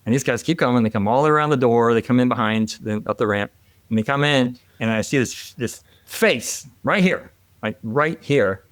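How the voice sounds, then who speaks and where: Speaking at a moderate pace in a mid-range voice, a middle-aged man who once flew military helicopters recounts a war story as a podcast guest. He's relaxed and lively, often laughing and starting over, with no room sound.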